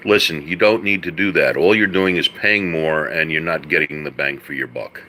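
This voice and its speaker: A middle-aged man with a very deep, pushed, bright voice talks at normal speed on a live stream answering car questions, with a little hiss or hum audible. He explains mechanics folksily, full of "all right" and "uh," and calls viewers folks and buddy.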